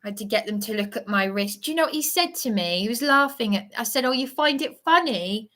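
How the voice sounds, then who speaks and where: A woman's voice: medium pitch, expressive, fast talker, fairly bright tone. An agitated woman speaking in a rambling livestream monologue, often stammering and restarting her sentences.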